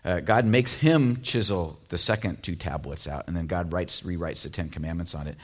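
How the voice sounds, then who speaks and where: A man delivers a sermon in a conversational way, leaning on "you know" and "like" as he goes. His voice sits on the lower side, and he sounds animated. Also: moderate pace. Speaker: pastor. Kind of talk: casual sermon.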